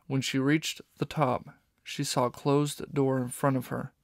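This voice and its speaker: A man narrating a children's novel audiobook in steady storytelling. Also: medium pitch, measured pace, creaky, no room sound, studio quality.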